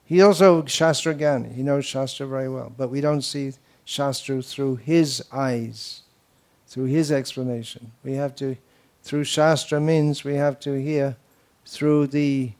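A man's voice: medium pitch, fairly even intonation, measured pace, a little mellow. A man giving a devotional lecture to an audience, talking loosely with anecdotes and mocking asides. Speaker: spiritual teacher.

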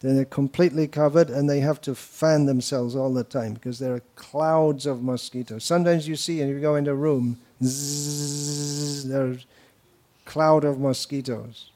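A man delivering a devotional lecture to a gathered audience. He talks in a loose, rambling way, full of anecdotes and teasing asides, his voice sitting at an ordinary middle pitch. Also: fairly even intonation, moderate pace, dark tone. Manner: wandering, anecdotal, with mocking asides. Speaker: spiritual teacher.

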